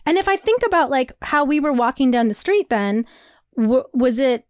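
Chatty young woman, rambling and animated. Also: high voice, normal speed, no room sound, clean studio sound. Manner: rambling, animated, laughs often, lots of "like". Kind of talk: casual chat. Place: New York.

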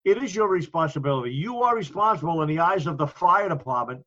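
A man's voice: on the high side, lively intonation, fast talker, fairly bright tone, lo-fi sound. A man co-hosting a casual podcast about the fire service, talking earnestly and acting out orders he gives to his crews.

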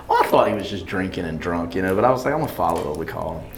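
A man, a singer telling lively anecdotes in an interview, acting out the voices of the people he quotes and laughing often. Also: fairly low pitch, fast, a little hiss or hum. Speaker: singer and bandleader. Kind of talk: animated storytelling in an interview.

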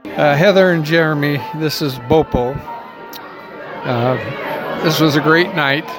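Grandpa type, older guy, slightly high voice, warm and a bit halting, crowd noise. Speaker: grandfather of the bride's children. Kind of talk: recorded well-wishing message. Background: music and crowd chatter.

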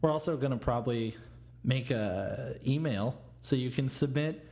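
A young man co-hosting a casual podcast, tossing out deadpan wisecracks. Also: medium pitch, moderate pace, vocal fry. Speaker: podcast co-host. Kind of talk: casual chat.

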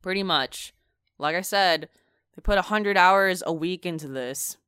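A woman co-hosting a casual video game chat, talking quickly with lots of fillers and dry sarcasm. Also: fairly low pitch, a bit bright, smooth, no room sound. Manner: chatty, filler-heavy, sarcastic. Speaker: video game podcast co-host.

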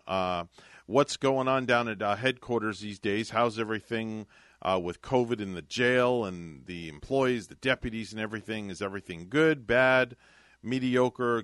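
A man's voice: on the low side, a bit bright, no echo. A man co-hosting a morning radio show, jokey and chatty, bantering and interviewing a guest.

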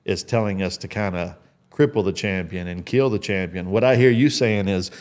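A man's voice: low voice, fairly even intonation, normal speed, a little mellow. A male interview host, eager and supportive, summing up what his guest says. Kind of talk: casual interview.

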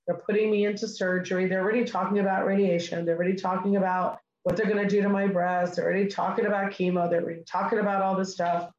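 Middle-aged woman, interview guest, lively storyteller who acts out the dialogue; roomy, echoey sound. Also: medium pitch, fast, few pauses, dull audio, slight background noise. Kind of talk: personal storytelling. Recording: echoey room.

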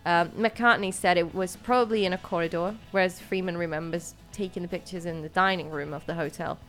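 A woman's voice: on the low side, fairly even intonation, a little fast, faint music behind. A woman hosting a podcast, mixing read-out notes with casual, hesitant chat that is full of fillers. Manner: chatty, hesitant, many fillers. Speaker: podcast host.

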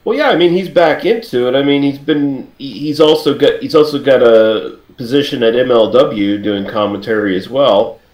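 Blunt, skeptical male podcast co-host, middle pitch, roomy recording. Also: moderate pace, few pauses, darkish tone. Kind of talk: casual chat.

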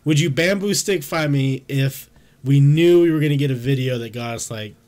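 A man's voice: mid-range voice, normal speed, a little mellow. A young man co-hosting a casual stream chat, playful and teasing, with slangy talk. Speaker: co-host.

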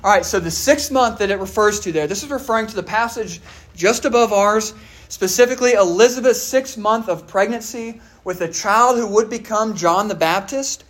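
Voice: medium pitch, normal speed, fairly bright tone. Preacher, sermon, conversational, rhetorical questions, frequent fillers. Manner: conversational, asks the listeners questions; many fillers like "all right" and "uh".

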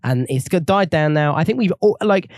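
A young man co-hosts a laid-back podcast, talking at an easy pace with fillers and small restarts. His voice sits fairly high for a man, recorded close and dry. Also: expressive, normal speed, no room sound. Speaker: podcast co-host. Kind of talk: casual chat.

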